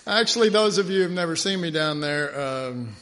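High gravelly-voiced man preaching. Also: a bit bright. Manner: chatty, joking asides, mimics voices in stories. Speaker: pastor. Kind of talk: sermon.

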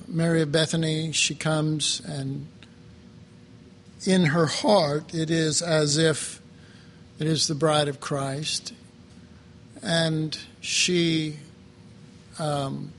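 A man preaching a sermon slowly and reflectively, pausing often and restarting his phrases. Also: on the high side, a bit bright, slight background noise. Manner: slow, halting, reflective, with many pauses and fillers.

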